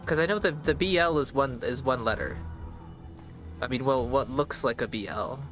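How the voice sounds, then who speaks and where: A man streaming a game live, thinking aloud in a slow, halting way and sometimes spelling words out letter by letter. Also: medium pitch, animated, fairly bright tone, soft background music. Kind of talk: casual live gameplay commentary.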